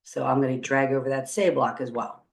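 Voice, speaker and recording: A woman's voice: very deep voice, steady tone, fairly quick, vocal fry. A woman teacher walking students through a coding tutorial on screen, upbeat and encouraging as she thinks aloud. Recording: roomy echo.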